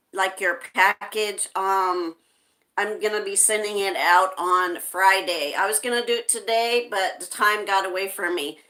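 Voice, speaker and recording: A woman's voice: medium pitch, bright, forceful tone. A woman from the United States hosting a livestream, chatting casually and reading viewer comments aloud. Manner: slow, chatty, reads comments aloud with frequent laughs. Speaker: livestream host reading chat.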